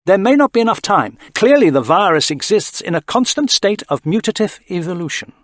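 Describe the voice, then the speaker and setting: A man's voice: high voice, a little fast, no room sound, studio quality, pitched above the performer's own voice. A man voicing a cold, self-preserving ship computer in an audio story, speaking tersely and emphatically. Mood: emphatic. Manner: terse, flat insistence.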